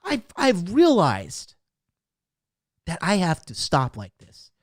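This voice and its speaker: A man's voice: sits high, huge pitch swings, takes it slowly, no room sound, pitched above the performer's own voice, exaggerated voice. A man lifts his voice to play a self-pitying young woman in a sudden, overdone realization, sing-song and mocking. The recording is dry and close, with no room around it.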